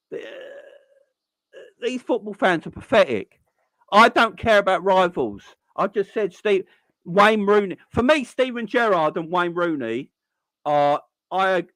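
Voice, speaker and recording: A man's voice: high-pitched, fairly bright tone, no room sound. A young man, hosting a live stream and ranting in exasperation, stumbling over restarts when he gets wound up. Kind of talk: heated fan rant on a live stream.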